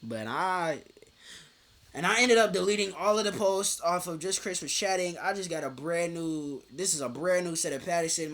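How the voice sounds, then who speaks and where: Animated, swearing young man venting. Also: a little high. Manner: swears a lot, jumps between laughing and near tears; restarts and stammers often. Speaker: vlogger. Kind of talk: casual rant to camera.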